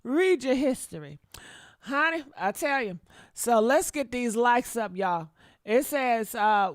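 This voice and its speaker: A woman's voice: on the high side, lively intonation, slow, no echo, clean studio sound. A woman giving blunt, profane, sassy commentary on a livestream, calling her listeners honey. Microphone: desktop mic.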